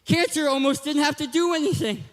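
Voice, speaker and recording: High-voiced man telling a funny sermon story. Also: fairly quick. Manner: animated, self-deprecating, bursts into shouts. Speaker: guest speaker. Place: church hall. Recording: reverberant hall with faint music.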